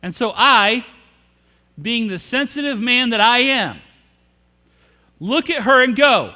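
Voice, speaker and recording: A man's voice: very high-pitched, sing-song, takes it slowly, pauses often, bright, forceful tone, in a large hall. A man preaching a sermon as pastor, telling the story with humor and asking the congregation questions. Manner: humorous storytelling, acts out quoted characters. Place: church sanctuary.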